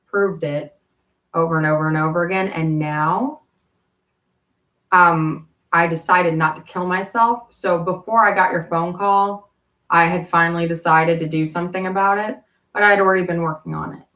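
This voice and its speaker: A woman's voice: on the low side, fairly even intonation, unhurried, pauses often, lo-fi sound. A woman from Kentucky, telling rambling stories in a courtroom, full of profanity and self-interruptions. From Appalachian Kentucky. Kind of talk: rambling storytelling. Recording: roomy, from far off.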